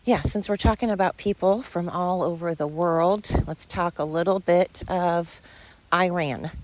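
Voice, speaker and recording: A woman with a low, unhurried voice hosts a casual solo podcast. Her monologue rambles and turns heated, and she sounds tired, stumbling over her words.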